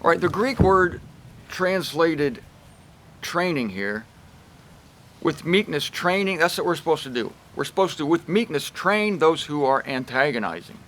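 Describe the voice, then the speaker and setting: A man giving a casual, emphatic Bible teaching talk with a wry, lively delivery. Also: on the high side, unhurried, a little hiss or hum. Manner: emphatic and wry, shifts pace and loudness a lot.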